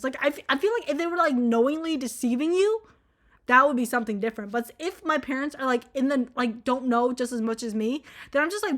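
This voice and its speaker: A woman's voice: high-pitched, fast, fairly bright tone. A young woman from Vietnam telling a personal story in a rambling, profane, laugh-filled casual way. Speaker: vlogger.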